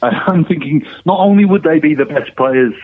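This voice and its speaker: A man's voice: a little high, lively intonation, normal speed, no echo. A man co-hosting a casual football podcast in an easygoing way, laughing often. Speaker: podcast co-host. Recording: dry, phone-like line.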